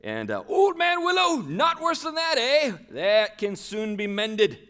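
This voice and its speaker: Tom Bombadil, a man doing a high jolly old singer. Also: huge pitch swings, unhurried, pushed and bright, full character voice. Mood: boisterous. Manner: sing-song, bouncy rhyming delivery. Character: jolly old man, merry rhyming forest dweller.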